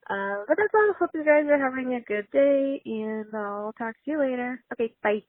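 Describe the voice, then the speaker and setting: A woman's voice: high voice, lively intonation, moderate pace, no room sound. A woman leaving a bubbly, enthusiastic voicemail for a podcast as a caller. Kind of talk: voicemail message. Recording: tinny phone line.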